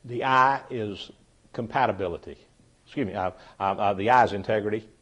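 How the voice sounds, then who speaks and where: A man's voice: on the low side, brisk, a bit bright. A middle-aged man leading a leadership workshop, telling homey stories and repeating key phrases for emphasis. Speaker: leadership trainer.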